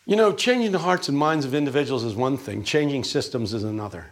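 A man's voice: medium pitch, quick pace. A man lecturing a class, telling stories and acting out quotes with energy. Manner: animated, storytelling with acted-out quotes.

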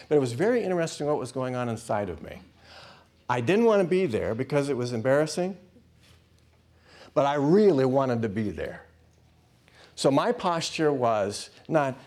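A man preaching, telling a personal story, swinging between loud bursts and hushed asides. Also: medium pitch, very animated, normal speed, pauses often. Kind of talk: sermon storytelling.

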